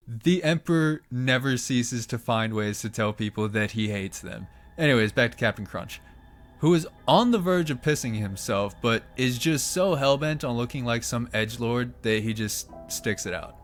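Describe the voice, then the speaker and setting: A man's voice: medium pitch, animated. Sarcastic, swearing man narrating. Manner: sarcastic, profane, quick asides. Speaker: channel host. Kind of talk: irreverent comedic narration.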